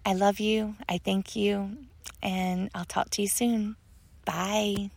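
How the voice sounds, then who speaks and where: A woman's voice: medium pitch, level tone, takes it slowly, gravelly, background noise. A woman hosting her own podcast, talking in a heartfelt, gushing and spiritual way, full of thanks and "like" fillers. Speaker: podcast host. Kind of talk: heartfelt solo podcast talk.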